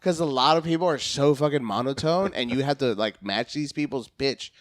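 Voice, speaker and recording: A man's voice: medium pitch, brisk, no echo, clean studio sound. A man on a podcast, a comedian chatting casually, hyperactive, cursing a lot and acting out phone calls in different voices.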